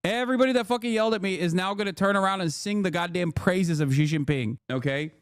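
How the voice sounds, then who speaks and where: A man in his thirties giving casual live-stream commentary, animated, emphatic and profane. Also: high-pitched, fast talker. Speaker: streamer reacting to news.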